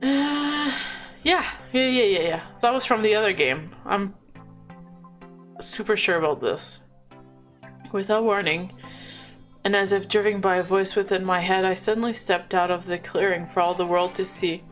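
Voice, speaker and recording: A woman's voice: mid-range voice, moderate pace, pauses often, faint music behind. A woman reading a visual novel aloud, breaking off with chatty asides. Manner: reads dialogue and narration, breaks off with chatty asides. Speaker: game narrator.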